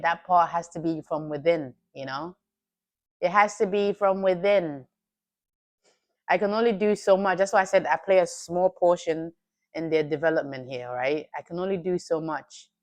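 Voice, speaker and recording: Woman, stream host, casual chatty delivery, teasing and quick to laugh. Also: low voice. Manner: laughs often, playful and teasing with chat. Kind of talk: casual live-stream chat.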